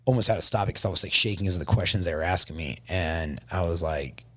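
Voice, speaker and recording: Man with a lowish voice, a podcast guest recounting a painful story, shaken, halting with restarts, dry close sound. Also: a bit bright, dry recording. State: shaken, emotional. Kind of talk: emotional storytelling in a podcast interview.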